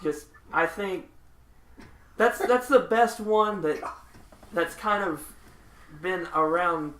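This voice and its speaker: A man hosting a podcast, telling road stories in a lively way and acting out the people in them. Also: high-pitched, takes it slowly. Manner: animated, laughing raconteur who acts out the people in his stories. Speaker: podcast host. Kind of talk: casual storytelling chat. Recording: echoey room.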